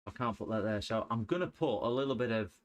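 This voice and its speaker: Livestreaming an electronics repair, a middle-aged man chats jokily and rambles while he works, singing and humming to himself now and then. His voice is lowish and his pace quick.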